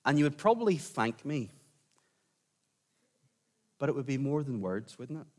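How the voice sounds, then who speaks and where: A man preaching a sermon in a conversational way, sometimes dropping to a quiet, intense tone. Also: mid-range voice, very animated, moderate pace. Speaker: pastor.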